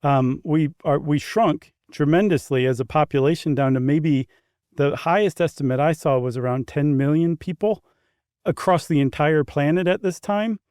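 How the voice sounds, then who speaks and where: Clean, dry studio sound captures a podcast co-host whose fairly high voice is a little mellow and moderately paced. His casual chat is easygoing, full of chuckling explanations and loose asides.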